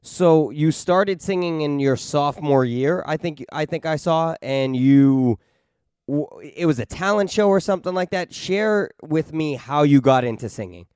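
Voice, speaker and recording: A man's voice: a little high, lively intonation, unhurried, a little mellow, smooth, no room sound, clean studio sound. A man hosting a casual podcast interview, asking easygoing questions and cracking light jokes. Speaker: podcast host.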